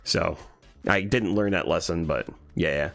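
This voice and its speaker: A young adult man runs a casual livestream, reading the chat out loud and laughing a lot while he tells stories in an animated way. His voice is deep, creaky and unhurried, with faint music playing in the background.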